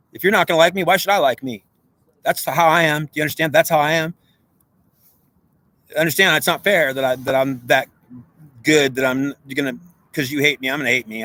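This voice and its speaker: A man's voice: medium pitch, pushed and bright. A man delivering an emotional, pleading, repetitive monologue to the camera, agitated and upset. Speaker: vlogger.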